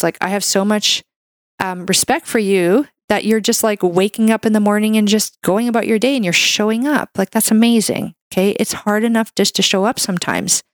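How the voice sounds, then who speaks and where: A woman hosts a wellness podcast in a casual monologue, heartfelt and encouraging, peppering her speech with "like" and "you know". Her voice is mid-range, recorded dry with clean studio sound.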